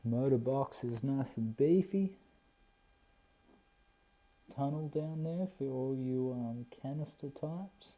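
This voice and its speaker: A man's voice: mid-range voice, slow pace, long pauses, warm tone. A man giving a laid-back, self-deprecating unboxing commentary on a model plane, indoors on a camera mic. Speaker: RC plane hobbyist vlogger. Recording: dull lo-fi camera audio.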